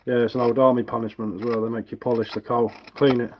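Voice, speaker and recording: Carving as he streams live, a man chats casually in a rambling, self-deprecating, relaxed manner. He's a fast talker with a mid-range voice, recorded through headphones with a mic, and the sound is lo-fi.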